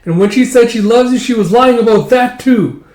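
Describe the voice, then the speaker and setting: A man voicing a scheming, ruthless little girl in a shrill, sharp, insistent tone. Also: lively intonation, normal speed. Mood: taunting. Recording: roomy echo.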